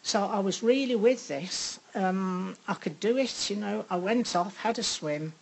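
Slow-spoken older woman. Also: mid-range voice, vocal fry, breathy edge, poor audio. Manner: unhurried, reflective, with frequent pauses and ums. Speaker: speaker sharing a faith testimony. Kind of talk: personal testimony.

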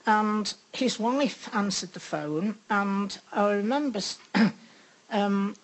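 An older woman giving a personal faith testimony, reflective and pausing often with ums. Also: medium pitch, rough recording. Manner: unhurried, reflective, with frequent pauses and ums. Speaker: speaker sharing a faith testimony.

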